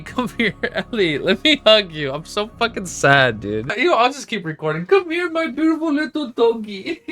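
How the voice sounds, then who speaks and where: A man with a slightly high, very animated voice reacts on a home livestream, reading passages aloud and then breaking into excited, emotional, profanity-filled outbursts. Soft music plays faintly behind him. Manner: excitable, emotional, swears constantly. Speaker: streamer reacting to a webnovel. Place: at home with his dog.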